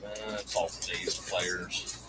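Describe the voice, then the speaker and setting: A man's voice: sits low, flat delivery, slow pace, over music, poor audio. A man chatting as a guest on a card-break livestream, laughing easily and talking while he digs through his boxes. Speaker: stream guest. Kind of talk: casual livestream chat.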